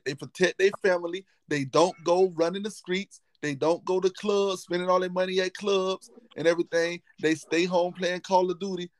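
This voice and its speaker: A man's voice: high-pitched, no room sound. A man hosting a casual podcast chat, talking emphatically and hammering his points by repeating words. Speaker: podcast host; football coach.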